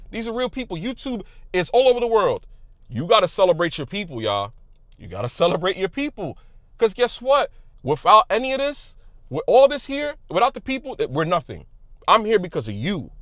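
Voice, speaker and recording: A man's voice: sits high, big pitch swings, brisk, no room sound. Passionate man with a raised voice. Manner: passionate, emphatic, repeats phrases; loud at times. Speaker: YouTube creator. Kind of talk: motivational talk to camera.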